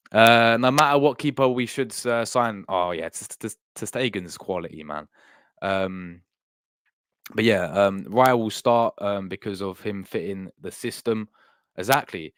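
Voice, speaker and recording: A young man hosts a casual live stream in a slightly low voice. He rambles, restarts and repeats himself while he answers his chat. The sound is dry and close. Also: a bit bright, no room sound.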